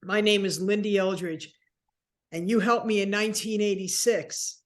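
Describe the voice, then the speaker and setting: A woman in her sixties, a guest telling a personal story with animated, acted-out dialogue. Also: medium pitch, normal speed. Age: 60s. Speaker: interview guest.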